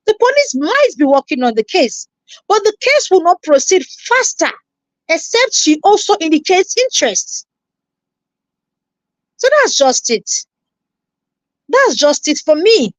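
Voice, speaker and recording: A woman's voice: very high voice, big pitch swings, a little slow, no room sound. A woman with a Nigerian accent reacting on a live stream, scolding and repeating herself as she greets viewers.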